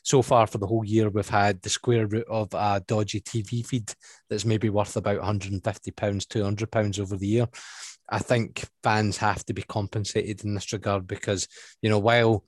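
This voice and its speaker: A man's voice: fairly low pitch, flat delivery, moderate pace, dry recording. A man with a Scottish accent co-hosting a casual football chat, talking easily and laughing often. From Scotland. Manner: chatty, laughs often, uses local slang. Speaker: co-host.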